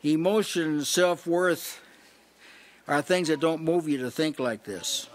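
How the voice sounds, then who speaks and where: Guy preaching at a little house church, kinda high voice, chatty teaching style, keeps saying see. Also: unhurried. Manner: conversational teaching, frequent "see?" asides and restarts. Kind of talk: sermon. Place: small house church meeting.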